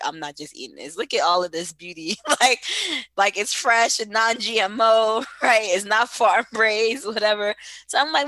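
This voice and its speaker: A woman's voice: medium pitch, bright, forceful tone, no echo. A woman from West Africa, a guest in a casual conversation, chatty and laughing often as she talks to listeners.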